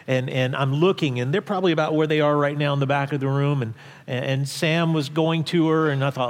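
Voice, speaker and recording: A male pastor tells a story from the pulpit in a casual, halting way, often restarting his sentences. His voice sits a little high for a man. The sound rings with a long reverb from the hall. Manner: conversational, halting with restarts, drops quiet for tense moments. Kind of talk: sermon storytelling.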